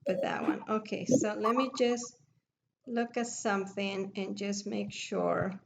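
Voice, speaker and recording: A woman's voice: mid-range voice, fairly even intonation, a little slow, gravelly, very noisy. A middle-aged woman with a foreign accent, patiently teaching oil mixing over a video call. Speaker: essential oil mixing instructor.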